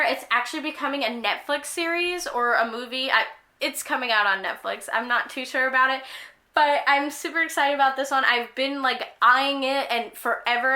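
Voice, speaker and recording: Bubbly high-voiced young woman vlogger. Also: pushed and bright. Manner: gushing, enthusiastic, frequent "like" fillers. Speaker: book vlogger. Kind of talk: casual book haul chat.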